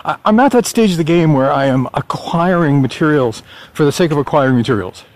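The clip has no room sound, and the man's voice is on the high side and darkish in tone, lively and a little fast. A middle-aged vlogger on a morning walk, he rambles chattily, full of "uh"s and small chuckles.

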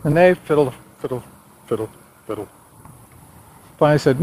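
A man's voice: a little high, animated, normal speed, darkish tone, poor audio. A man talking through his writing plans in a casual walking vlog, rambling and correcting himself with a wry tone. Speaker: vlogger and novelist.

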